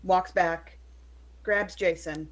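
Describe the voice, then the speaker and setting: A woman playing in a casual tabletop role-play session, describing her character's actions bluntly and briskly. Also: fairly low pitch, fairly even intonation. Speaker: player.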